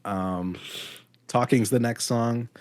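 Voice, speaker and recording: A man's voice: medium pitch, steady tone, takes it slowly, darkish tone, a little hiss or hum. A man co-hosting a podcast, giving a blunt, critical album review in casual chat with frequent ums. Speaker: podcast co-host.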